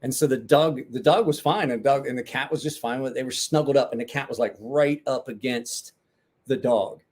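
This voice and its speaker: A man's voice: medium pitch, a little fast, a little mellow. A man casually chatting with viewers on a livestream, joking, rambling and swearing freely. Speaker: livestream host.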